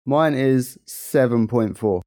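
A man's voice: mid-range voice, slow pace, background noise. A young man with a London accent co-hosting a podcast in laid-back, jokey banter. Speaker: podcast co-host. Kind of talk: casual banter.

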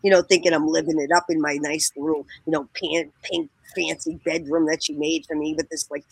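A woman's voice: deep voice, flat delivery, a little fast, gravelly, slightly rough, dry recording, rough recording. A woman telling a long personal story in casual conversation, laughing often and quoting people, with many fillers and restarts. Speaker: guest.

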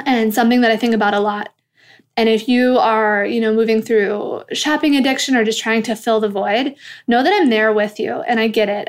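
Host type, woman in her thirties, heartfelt and passionate solo talk, a little high-voiced. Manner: earnest, impassioned, swears when angry. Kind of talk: casual monologue.

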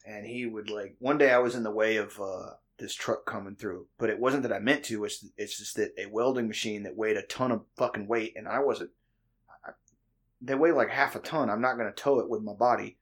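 A man's voice: fairly low pitch, fairly even intonation, fairly quick. A man hosting a podcast, chatting casually with rambling, profane storytelling. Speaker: podcast host. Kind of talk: casual chat.

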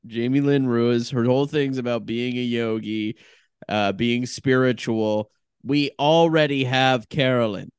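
A man co-hosting a podcast over a video call, bluntly dismissive and opinionated in casual chat. His voice is clear and smooth at a middle pitch, recorded dry. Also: a little slow, dry recording. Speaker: podcast co-host. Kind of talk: casual chat about a reality show cast.

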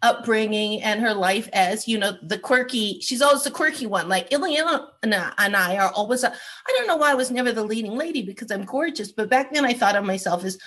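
Husky older actress telling lively stories. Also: female voice, a little high, a little fast. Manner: animated storyteller, self-mocking, laughs often. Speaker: actress guest. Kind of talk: casual interview chat.

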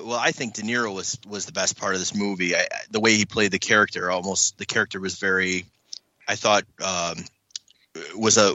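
Man, podcast co-host, lowish bright voice, muffled dry recording, halting. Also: no echo. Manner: halting, restarts a lot. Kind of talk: casual chat.

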